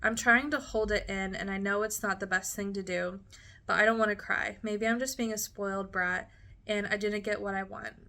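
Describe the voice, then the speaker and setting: A woman in her late twenties reads entries from her teenage diary in a casual vlog. Her voice is bright, and she is chatty and giggly, stopping often for asides. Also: medium pitch, steady tone, normal speed, vocal fry. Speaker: vlogger reading her old diary. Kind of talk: casual diary reading with commentary.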